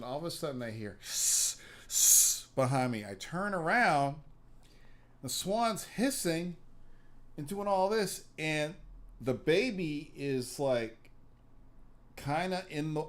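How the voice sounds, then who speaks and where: A man hosting a podcast, telling long rambling stories in casual, profane chat. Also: a little high. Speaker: podcast host.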